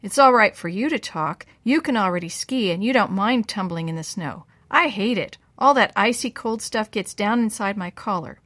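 A woman reading aloud and voicing a scared, tearful young girl who pleads and protests in a higher voice. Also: animated, moderate pace, few pauses, fairly bright tone, no echo. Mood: fretful.

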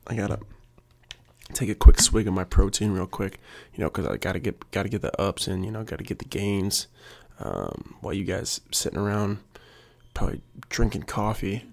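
A man's voice: sits low, lively intonation, normal speed, creaky, a little mellow. A young adult man, a PE teacher, rambling in a casual, jokey monologue and working himself up. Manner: jokey, self-mocking, gets worked up.

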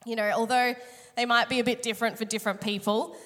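A woman's voice: on the high side, steady tone, fast, fairly bright tone. A woman, preaching a sermon through a chatty, self-mocking personal story, her voice a little strained today. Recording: long hall reverb.

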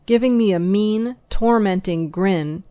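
A woman reading a first-person story aloud as an audiobook narrator, slow, even and measured. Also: medium pitch, smooth, no echo.

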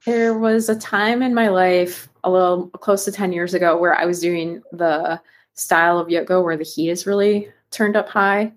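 Chatty woman with a lowish voice. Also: steady tone, moderate pace. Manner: chatty, laughs often, lots of fillers. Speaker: podcast co-host. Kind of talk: casual chat.

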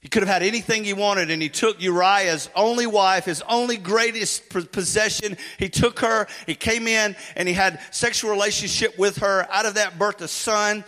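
A male pastor preaching a sermon in a church, swinging from loud urgency to hushed intensity, with folksy joking asides. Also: high-pitched, fairly even intonation, moderate pace, hardly any pauses. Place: church sanctuary. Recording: long hall reverb.

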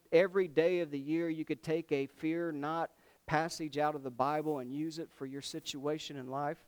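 A man's voice: a little high, darkish tone, clear, resonant tone. A male preacher, giving a conversational sermon and asking the congregation questions.

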